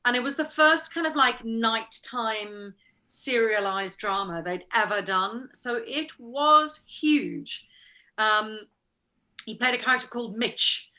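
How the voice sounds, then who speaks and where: Bright-voiced, chatty woman from South Africa. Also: on the high side, slow. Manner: chatty, animated storyteller who laughs often. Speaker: actress guest. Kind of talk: casual interview chat.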